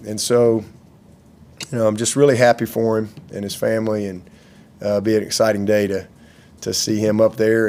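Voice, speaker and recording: A man's voice: lowish voice, a little mellow. A man, a head football coach, answering questions at a press conference in a rambling, heartfelt way, often repeating words and restarting.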